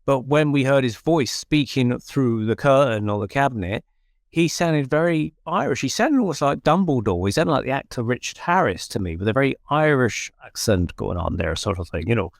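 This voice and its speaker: A man, a paranormal researcher, telling an animated anecdote in casual conversation, with many restarts. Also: medium pitch, moderate pace, creaky, no room sound, studio quality. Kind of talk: conversational storytelling.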